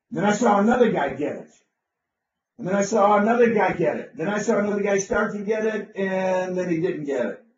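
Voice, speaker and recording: A man telling an enthusiastic, rambling business story, with frequent restarts. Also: high-pitched. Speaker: business speaker. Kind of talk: anecdotal storytelling talk. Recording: roomy, distant, dull lo-fi sound.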